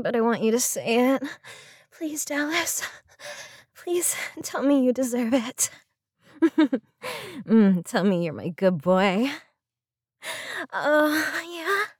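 A woman in an intimate audio role-play, talking in a soft, coaxing, affectionate way, with hums, sighs and moans drawn out between her words. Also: high-pitched, dry recording, studio quality. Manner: slow, lingering delivery drawn out on hums.

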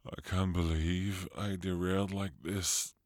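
A man voicing a dominant, possessive male lover in an intimate audio role-play, murmuring low and giving commands. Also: level tone, unhurried, darkish tone, dry recording, clean studio sound. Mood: teasing. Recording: noisy home recording.

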